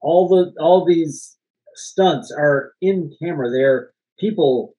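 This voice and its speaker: A man's voice: a little high, slow pace, warm tone, muffled recording. A man co-hosting a casual movie podcast, telling rambling behind-the-scenes stories, laughing often and swearing now and then. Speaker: podcast co-host. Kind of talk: casual movie-discussion chat.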